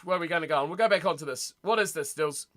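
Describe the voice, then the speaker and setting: A young man hosting a casual live-stream rugby watch party from home, chatty and excitable, reacting aloud to his chat. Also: fairly high pitch, rapid-fire. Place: home room.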